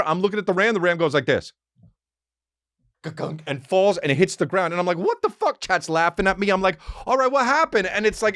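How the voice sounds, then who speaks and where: Animated profane man hosting a podcast. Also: no room sound, studio quality. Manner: profane, excitable, swings into high-pitched bursts. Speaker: podcast host. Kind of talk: rambling comedic monologue. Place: home studio with dog present.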